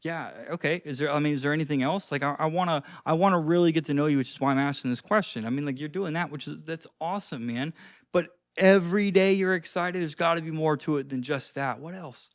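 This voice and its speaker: A man's voice: fairly high pitch, fast, no echo, clean studio sound. A young man giving casual advice to his own camera, full of fillers like "dude" and acting out both sides of example chats. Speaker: dating and conversation coach.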